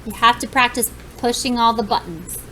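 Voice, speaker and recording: A woman's voice: a little high, moderate pace, fairly bright tone, slight background noise, low-quality recording. A woman teaching a class, walking students through steps in an upbeat, encouraging way. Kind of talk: classroom lesson.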